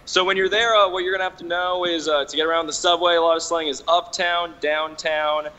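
A man from New York answering interview questions casually, with hesitant speech and many filler pauses. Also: on the high side, fairly even intonation, sharp tone, smooth, big-room sound, low-quality recording. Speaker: interview guest.

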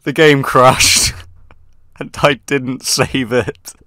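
A man's voice: medium pitch, fairly even intonation, extremely slow, sharp tone, no room sound. A man giving in-character gameplay commentary, with mock-pompous officer-style banter. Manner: mock-pompous upper-class officer banter, laughs at own jokes. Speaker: gaming video creator. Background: faint background music.

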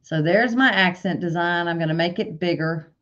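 A woman walking through embroidery software step by step in a tutorial, stopping now and then to correct herself. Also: on the low side, normal speed. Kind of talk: screen-share software tutorial. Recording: dull lo-fi sound.

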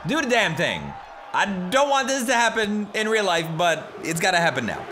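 A man commentating his own wrestling video game playthrough, joking, shouting at the screen and laughing. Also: high-pitched, big pitch swings, moderate pace, background noise. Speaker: gameplay commentator. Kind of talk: excited gameplay commentary.

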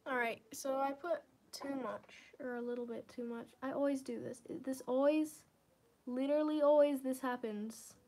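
A young woman live-streaming as she paints, chatting casually to her viewers in a rambling, self-deprecating way that often sinks into quiet murmurs. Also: high-pitched, steady tone, moderate pace. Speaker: livestreamer.

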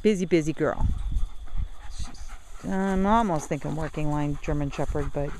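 A woman's voice: low-pitched, normal speed, a little hiss or hum, rough recording. Woman coaxing and commanding her dogs outdoors. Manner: coaxing baby talk mixed with sharp commands. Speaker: dog owner. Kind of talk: casual vlog chat. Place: outdoor dog yard on a windy, chilly day.

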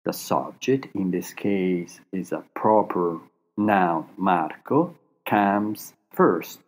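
A man explaining grammar in a recorded language lesson, patient, with pauses between phrases. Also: deep voice, expressive. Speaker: language teacher.

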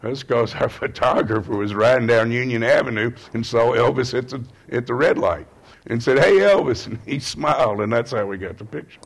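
A man, a panel speaker, telling relaxed anecdotes and chuckling now and then. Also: medium pitch, normal speed, husky. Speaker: panel speaker, former newspaper editor. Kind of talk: storytelling on a panel. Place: university event hall.

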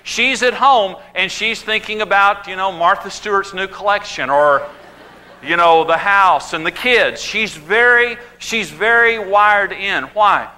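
A man gives a humorous marriage talk with a high, bright voice. He tells lively stories and acts out the voices of the people in them. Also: a little slow. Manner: animated storytelling, acting out quoted voices. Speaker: marriage teacher.

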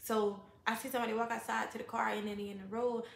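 A young woman, telling a profane, animated storytime and acting out quoted voices. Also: on the high side, fast talker, creaky, roomy sound. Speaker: vlogger.

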